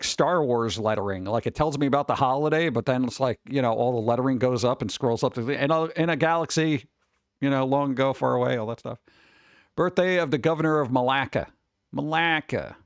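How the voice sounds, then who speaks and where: A man's voice: mid-range voice, no echo. A man streaming live, reading holidays aloud and cracking jokes in a casual, playful way. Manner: joking, playful, riffing.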